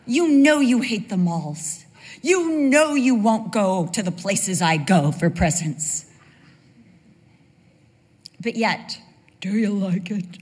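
An older woman preaching a sermon and telling a personal story in an animated way, acting out the voices of the people in it. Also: mid-range voice, takes it slowly, pauses often, husky. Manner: animated storyteller who acts out quoted voices. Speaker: speaker at a church gathering. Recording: reverberant hall.

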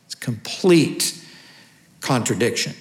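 A man's voice: mid-range voice, animated, takes it slowly. A man preaching a sermon, teaching earnestly and asking rhetorical questions. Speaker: pastor. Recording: echoey room.

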